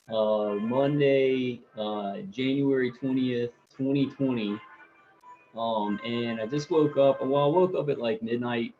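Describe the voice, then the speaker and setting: A man chats through a late-night livestream from home, his voice at an ordinary middle pitch. He talks in a loose, halting ramble, full of fillers, and greets viewers by name as he goes. The sound is dull and lo-fi. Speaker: livestream host.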